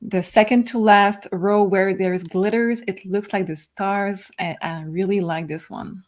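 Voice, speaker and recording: Soft-spoken woman, slow and thoughtful. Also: medium pitch, fairly even intonation. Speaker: tarot reader. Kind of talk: livestream chat.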